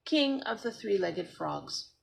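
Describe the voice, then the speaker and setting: A woman voicing a timid but eager seven-year-old boy who gets excited easily. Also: mid-range voice, slow, gravelly, exaggerated voice.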